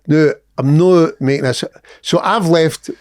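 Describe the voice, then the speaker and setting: A man's voice: on the high side, a little slow, darkish tone. A middle-aged Scottish man, a guest comedian telling a rude anecdote on a podcast, swearing and laughing as he talks.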